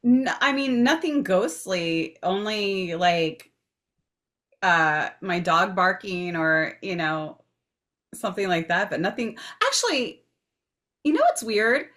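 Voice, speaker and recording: A woman's voice: mid-range voice, big pitch swings, slow, fairly bright tone. A woman in a casual chat, easygoing and a bit hedging as a guest. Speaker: paranormal investigator guest.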